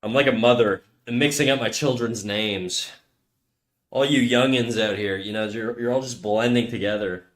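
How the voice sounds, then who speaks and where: A man talks casually to his stream while he draws, ribbing the people in it. His voice sits at an ordinary middle pitch. He slips often into soft muttered asides. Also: fairly even intonation, normal speed. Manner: joking, teasing banter with quiet mumbled asides. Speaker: livestreaming artist.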